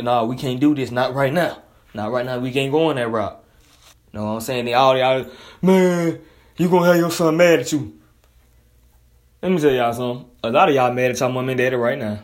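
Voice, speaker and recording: A man delivering a blunt, profane, heated casual monologue as a commentator. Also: mid-range voice.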